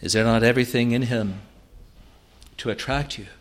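A man preaching a sermon, earnest, swelling loud on key words and then dropping to a soft, quiet close. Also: medium pitch, steady tone, moderate pace.

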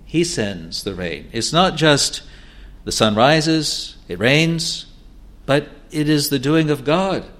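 Emphatic preacher. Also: male voice, fairly high pitch, lively intonation, a bit bright. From New Zealand. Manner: measured, emphatic, repeats words and phrases. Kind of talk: sermon.

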